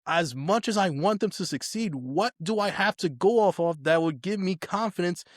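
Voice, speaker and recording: A man's voice: high voice, moderate pace, no echo, studio quality. A man co-hosting a podcast, talking in casual chat in an emphatic, opinionated way. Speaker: podcast co-host.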